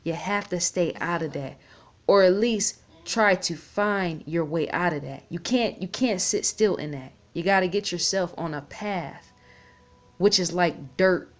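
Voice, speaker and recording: A woman talking off the cuff in a vlog, rambling and repeating herself, holding back tears. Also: fairly low pitch. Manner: rambling, repeats words, pauses to type on phone. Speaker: vlogger. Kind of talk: casual unscripted talk to camera.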